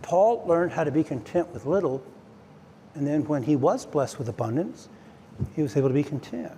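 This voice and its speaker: Male pastor, mellow slightly high voice, casual sermon with restarts, long church reverb. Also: lively intonation, normal speed. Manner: conversational preaching with stammered restarts. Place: church sanctuary. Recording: long hall reverb, faint noise.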